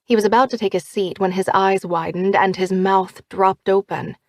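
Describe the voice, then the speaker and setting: A woman narrating a first-person audiobook in a lively, expressive way. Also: mid-range voice, moderate pace, no room sound.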